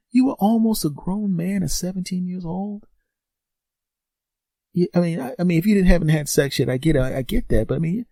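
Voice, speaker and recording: A man's voice: high-pitched, creaky, dark tone, no room sound. A man hosting his own podcast, telling a profane comic story and acting out both sides of a conversation with a friend. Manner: profane, teasing. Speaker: podcast host. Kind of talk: solo comedic podcast monologue.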